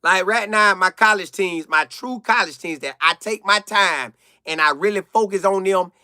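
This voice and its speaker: Animated slangy man on a live stream. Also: high-pitched, moderate pace, no room sound, clean studio sound. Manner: animated, slangy, reads viewer comments aloud. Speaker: live-stream sports commentator reading chat. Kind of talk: casual live-stream chat.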